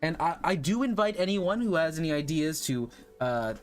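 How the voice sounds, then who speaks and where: A man's voice: on the high side, expressive, normal speed, faint music behind. A man streaming casually, thinking aloud and rambling as he works. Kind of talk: casual livestream chat.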